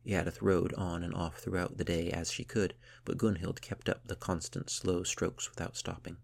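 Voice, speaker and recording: A man narrating a storybook in a slow, measured, soft reading voice. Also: low voice, creaky, breathy edge.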